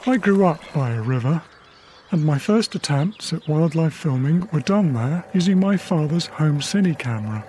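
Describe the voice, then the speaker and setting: A man, a wildlife cameraman from England, narrating his diary in a quiet, measured, reflective documentary voice. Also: fairly high pitch, animated, slight background noise. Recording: faint river ambience behind.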